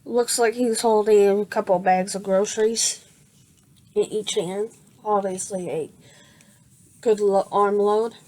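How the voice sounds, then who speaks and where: A woman narrating an improvised fan story, halting often and restarting her sentences. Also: medium pitch, fairly even intonation, a little mellow. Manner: halting, with many fillers and restarts.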